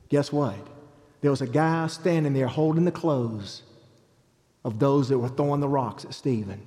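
Evangelist, middle-aged, animated storyteller, warm-toned, big hall reverb. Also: male voice, mid-range voice, moderate pace. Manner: animated storyteller acting out quotes. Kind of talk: preaching testimony.

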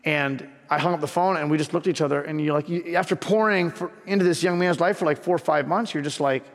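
A man's voice: on the high side, fast talker, in a large hall. A man preaching a sermon as pastor, telling a personal story earnestly and building to fervent emphasis.

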